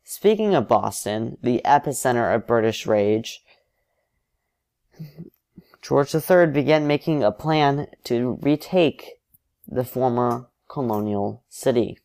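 A man narrating an alternate history story in an even, explanatory way. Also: mid-range voice, takes it slowly, gravelly.

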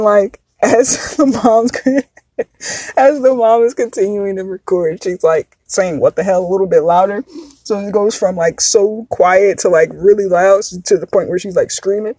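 A woman's voice: mid-range voice, dark tone, slightly rough, no echo. A woman in her thirties hosting a podcast, talking frankly and confessionally in a casual chat that drifts into tangents. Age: 30s. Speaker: podcast host.

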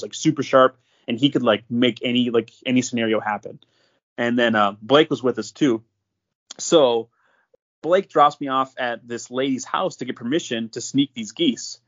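A man hosts a casual podcast and spins a rambling tale, full of fillers and restarts. His voice sits at an everyday middle pitch. The recording is muffled and lo-fi. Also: fairly bright tone. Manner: rambling, filler-heavy, lots of "like". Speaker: podcast host. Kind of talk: casual storytelling chat.

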